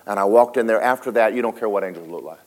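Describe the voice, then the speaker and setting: A man preaching a sermon, telling a story dramatically, switching between loud and hushed and talking straight to the congregation. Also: on the low side, fast. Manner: folksy, speaks to the congregation directly.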